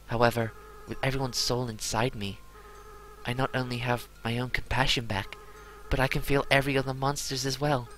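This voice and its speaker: Guy reading as a sorry little goat monster kid, soft and earnest, bright voice. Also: mid-range voice, level tone, fairly quick, a little hiss or hum, natural voice, poor audio. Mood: tender. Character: remorseful young goat monster boy. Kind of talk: reading game dialogue aloud.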